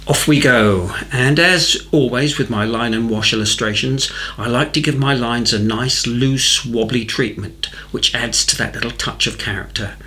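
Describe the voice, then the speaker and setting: Chatty Southern English art tutor. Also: male voice, medium pitch, bright, forceful tone. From North Kent, England. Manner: friendly, rambling, anecdotal. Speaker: art instructor. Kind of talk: chatty painting tutorial voice-over.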